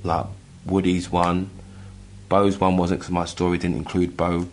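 A middle-aged man from England telling a personal story in casual chat, halting with many restarts and acting out the voices he quotes. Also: sits low, monotone, slight background noise. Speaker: guest telling his story.

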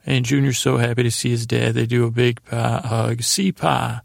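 A man speaks at normal speed with fairly even intonation and a creaky, medium-pitched voice, recorded dry with clean studio sound. As a podcast host, he gives a rambling, sleepy rundown of a TV episode, loosely paraphrasing characters and frequently correcting himself.

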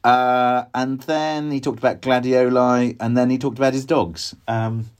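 A man's voice: medium pitch, level tone, a little slow, clear, resonant tone, dry recording. Chatty man touring his garden. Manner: chatty, wry, self-deprecating asides. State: slightly out of breath. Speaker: podcast host. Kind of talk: casual gardening walk-through. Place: outdoors in a garden.

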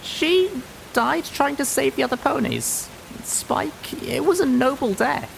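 A man voicing a young mare wanderer, earnest and grieving, in a high, strained, hesitant voice, read as an audiobook story. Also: lively intonation, slow pace, creaky, slight background noise, full character voice, poor audio. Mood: somber.

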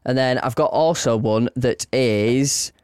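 A man's voice: mid-range voice, slow pace, darkish tone, clear, resonant tone, no room sound, studio quality. A man co-hosting a podcast, easygoing and rambling in casual chat. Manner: easygoing, rambling, laughs along. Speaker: podcast co-host.

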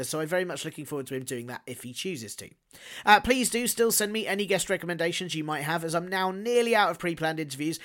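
A man's voice: a little high, fairly bright tone. A man hosting a solo podcast segment, reading listener jokes with sardonic, jokey asides. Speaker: podcast host.

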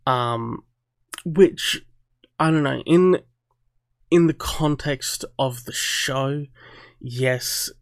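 A man with a gravelly, creaky voice chats on a podcast, animated and quick to laugh, with lots of "like" in his talk. The recording is dry and close. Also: medium pitch, no room sound. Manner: animated, laughs easily, says "like" a lot. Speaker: podcast co-host. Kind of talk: casual chat.

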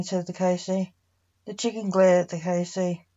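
A woman reading her own story aloud, giving the characters' lines in a plain, unhurried voice. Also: lowish voice, level tone, dark tone, lo-fi sound.

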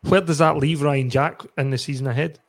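A man's voice: on the high side, steady tone, fairly quick. A Scottish man hosting a football podcast, leading the chat with questions and sweary banter. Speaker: podcast host.

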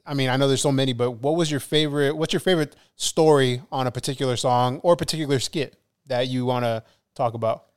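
A man interviewing a guest in casual chat, asking brief relaxed questions. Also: mid-range voice, fast, few pauses, smooth.

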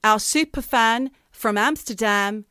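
A woman's voice: a little high, takes it slowly, sharp tone, smooth, no echo. Woman from the UK, podcast co-host, chatty and laughing, dry close mic. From United Kingdom. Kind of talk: casual chat.

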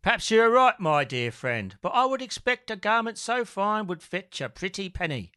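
A man voicing a cocky male coat thief in a Michael Caine-style impression, smooth-talking and swaggering. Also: sits high, sing-song, moderate pace, sharp tone, voice pushed up, full character voice. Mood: scheming.

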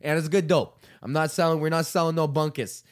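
A man's voice: on the high side, fairly even intonation, a little fast. A man hosting his own show, ranting loosely, swearing and laughing as he goes. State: sick. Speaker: podcast host. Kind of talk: casual rant.

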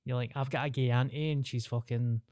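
A man's voice: medium pitch, fairly even intonation, fairly quick, darkish tone, no echo, clean studio sound. A young Scottish man, a comedian, chatting on a podcast and telling stories in broad dialect with plenty of swearing. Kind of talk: casual chat.

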